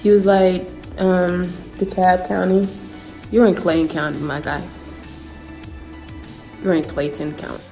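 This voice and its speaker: A woman's voice: lowish voice, a little slow, vocal fry, long pauses, over music, poor audio. A young woman from Ghana, chatting animatedly through a casual storytime vlog. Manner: chatty, animated retelling full of "like" and slang. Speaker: vlogger.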